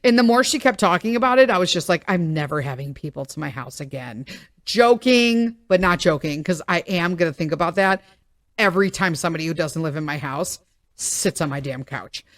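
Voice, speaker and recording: A middle-aged woman hosting a podcast, telling a story in a rambling, animated way full of tangents. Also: on the low side, fairly quick, dry recording, clean studio sound. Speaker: podcast host. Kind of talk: casual storytelling monologue.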